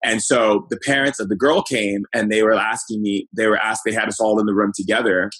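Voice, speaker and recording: A middle-aged man with a fairly low, husky voice tells a personal story as an interview guest. He talks loosely, searching for words and restarting sentences, in an easygoing conversational manner. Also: brisk, low-quality recording. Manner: relaxed, conversational recounting. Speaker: shaman guest.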